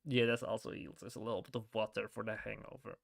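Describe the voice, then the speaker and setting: Bright-voiced man rambling over gameplay. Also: on the low side, level tone, quick pace, creaky. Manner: rambling, chuckles often, many restarts. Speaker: gamer playing a story game. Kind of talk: casual let's-play commentary.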